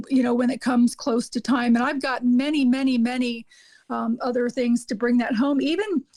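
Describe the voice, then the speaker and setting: A woman's voice: on the high side, darkish tone, dry recording. A woman, a hospice nurse guesting on a podcast, telling earnest stories with frequent ums and repeated words. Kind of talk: casual podcast conversation.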